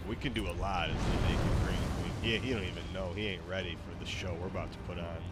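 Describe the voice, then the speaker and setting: A man casually chatting and joking while he plays a game, laid-back and rambling, with loud game sounds behind. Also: deep voice, fast talker, very noisy. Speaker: gamer streamer. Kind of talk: casual gameplay chat.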